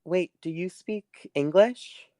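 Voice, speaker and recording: A woman voicing a quiet, mousy telepathic voice that speaks gently. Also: fairly low pitch, slow, no room sound, clean studio sound, voice pushed up. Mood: gentle. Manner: soft, gentle, reassuring.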